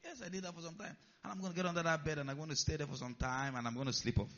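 A man preaching a sermon, animated and putting rhetorical questions to his listeners. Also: a little high, rapid-fire, muffled recording.

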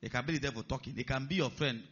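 A man preaching a sermon, animated and putting rhetorical questions to his listeners. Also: medium pitch, very fast, lo-fi sound.

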